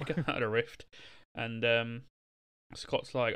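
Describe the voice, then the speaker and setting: A man's voice: mid-range voice, moderate pace, vocal fry, a bit bright, no echo, studio quality. A man co-hosting a casual film podcast, laid-back, with short quips and frequent chuckles. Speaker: podcast co-host.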